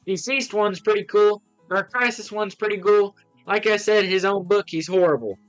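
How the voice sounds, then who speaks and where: A man's voice: high-pitched, moderate pace, clean tone, soft background music. A man casually reviewing comics on a livestream, rambling through plot recaps with lots of fillers and giving blunt, scornful verdicts.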